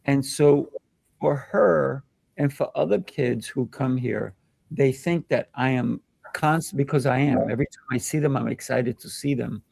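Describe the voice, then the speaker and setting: Gravelly-voiced man telling stories. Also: mid-range voice, measured pace, no echo. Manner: animated, acts out children's voices in anecdotes. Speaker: kung fu instructor and show host. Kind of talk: casual discussion, storytelling.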